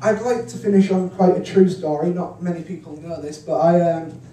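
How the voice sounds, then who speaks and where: At a hotel function room comedy gig, a young stand-up from Hull, England, high-voiced and male, works through deadpan one-liners at a fairly quick pace. Ums come often and the punchlines are crude. The recording sounds far away, echoey and noisy.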